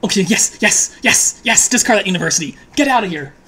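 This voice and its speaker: A woman thinking aloud as she plays an online card game, muttering her options, then pleading, swearing and laughing loudly at the draws. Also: medium pitch, animated, brisk, slightly rough. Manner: talks to herself, swings from quiet musing to loud laughing outbursts.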